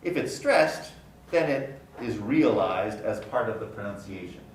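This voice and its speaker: A man giving a university lecture, explaining step by step and slowly repeating example words. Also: mid-range voice, lively intonation, recorded from a distance. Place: lecture room. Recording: roomy sound from off the mic, faint noise.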